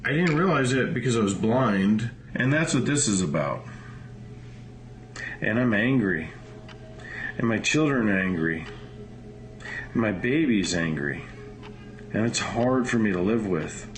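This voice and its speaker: A man's voice: fairly low pitch, animated, unhurried, pauses often, faint music behind. A man on archival self-recorded audio, upset and tearful, talking in an emotional, unsteady way. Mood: bitter. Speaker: suspect in recorded messages.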